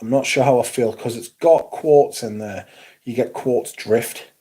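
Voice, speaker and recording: A Geordie man in his forties from Newcastle, England, hosts a casual livestream and reads out chat comments in a blunt, sweary, dryly sarcastic way. His medium-pitched voice is mellow with a breathy edge, at a measured pace.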